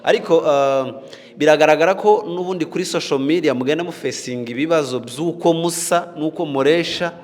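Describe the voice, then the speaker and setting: A man's voice: a little high, fast, darkish tone, in a large hall. A man hosting a panel discussion, asking questions and mixing in English words. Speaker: host.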